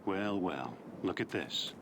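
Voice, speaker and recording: A man's voice: low voice, expressive, slow pace, noisy background. An actor playing a rugged male adventurer-archaeologist in a video game, giving short dry remarks.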